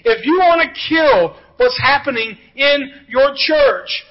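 A male pastor delivers a sermon in a strikingly high voice, moving from story-joke illustrations to earnest appeals. The recording is muffled and lo-fi, like a church audio feed. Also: lively intonation, slow. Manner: storytelling preacher, jokey asides then earnest.

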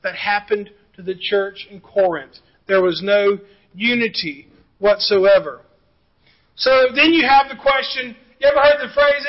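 This male pastor speaks unhurriedly in a strikingly high voice, his sermon captured in muffled, lo-fi sound much like a church feed. A storytelling preacher, he drops jokey asides and illustrations before turning to sincere pleas.

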